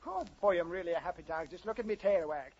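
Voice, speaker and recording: A man's voice: high-pitched, animated, fast talker, a loud crowd. An actor playing a jolly Irish policeman turned Irish setter dog, with a lilting, hammy Irish accent in 1940s radio comedy. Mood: blarney-filled. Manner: lilting, blarney-filled, hammy. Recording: hissy lo-fi 1940s radio broadcast.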